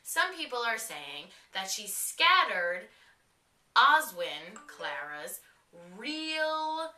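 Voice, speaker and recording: Bright excitable woman reviewing TV. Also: a little high, very slow. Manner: excitable, slangy and swearing, acts out quotes. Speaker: TV episode reviewer. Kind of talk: casual spoken review. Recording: roomy echo, mic a bit distant.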